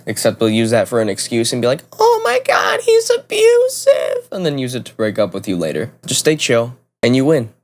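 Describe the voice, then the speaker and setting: A man's voice: medium pitch, fast, hardly any pauses, a little mellow. A young man talks casually to camera in a blunt, profane, rambling way, often restarting his sentences. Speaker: vlogger.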